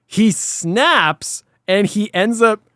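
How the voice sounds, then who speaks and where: A man's voice: high voice, animated, extremely slow, a bit bright, dry recording, studio quality. A man co-hosting a podcast, retelling a cartoon episode in casual chat, acting out lines and sound effects and swearing freely. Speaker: podcast co-host.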